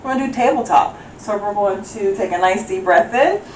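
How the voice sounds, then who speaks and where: A woman's voice: medium pitch, lively intonation, fairly quick, darkish tone, a little hiss or hum. A woman leading a yoga class, playful and giggly as she calls out each breath and pose. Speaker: yoga instructor. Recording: roomy echo, voice from a distance.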